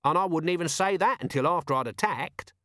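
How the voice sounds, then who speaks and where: A man's voice: fairly high pitch, a little fast, a bit bright, no room sound, clean studio sound, pitched above the performer's own voice, lightly acted. A man voicing a cheeky, grumbling scruffy male corporal in an audiobook. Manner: whiny, cheeky.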